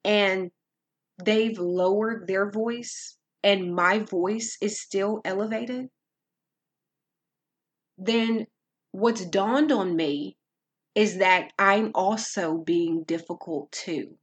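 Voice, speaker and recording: A woman giving calm, earnest faith-based advice on dealing with difficult people, in a measured teaching manner. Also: medium pitch, husky. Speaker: Christian speaker.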